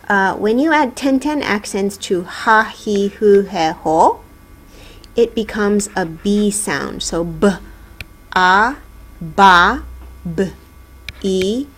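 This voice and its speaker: Slow, patient woman teaching a lesson. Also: mid-range voice. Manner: patient, drawn-out syllable drills. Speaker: Japanese teacher. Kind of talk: classroom lesson.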